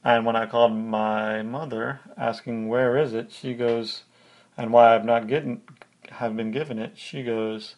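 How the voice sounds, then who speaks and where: A man's voice: medium pitch, fairly even intonation, measured pace, a little mellow. A man hosting a podcast, telling a personal story in a casual, conversational way, step by step. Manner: conversational, recounts events step by step. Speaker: podcast host.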